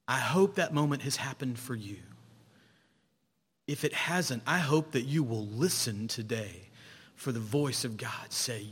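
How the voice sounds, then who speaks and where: A man, a pastor, preaching a sermon, telling stories and swinging between loud exclamations and hushed low tones. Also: expressive, unhurried, slightly rough, big-room sound.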